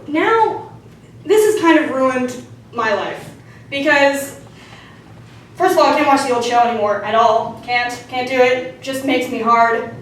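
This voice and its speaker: A young woman performing a stand-up set on a theatre stage, deadpan with crude punchlines, audience laughter behind her. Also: high-pitched, moderate pace, a little hiss or hum. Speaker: stand-up comedian. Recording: roomy hall from far off.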